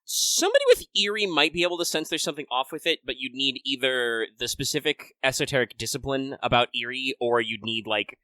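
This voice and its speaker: Fast-talking game master with a bright voice. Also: male voice, medium pitch, sing-song, no room sound. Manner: quick, chatty, self-correcting. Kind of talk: running a tabletop game over voice chat.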